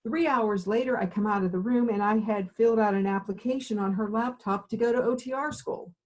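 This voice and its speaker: In an interview, a middle-aged woman who directs an occupational therapy program tells her career story, acting out the dialogue along the way. Her medium-pitched, slightly mellow voice moves fairly quickly, captured in a low-quality recording.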